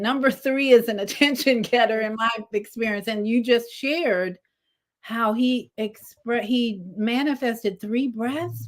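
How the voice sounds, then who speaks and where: A woman hosting a conversational interview, talking emphatically and animatedly, jumping up in pitch when she quotes people. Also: unhurried. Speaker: host. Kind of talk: casual interview chat.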